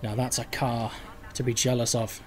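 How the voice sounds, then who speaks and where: Over faint background music, a man narrates his game session in a flat, medium-pitched voice at a moderate pace. He's a gaming video host doing relaxed let's-play commentary, wandering from thought to thought as he plays.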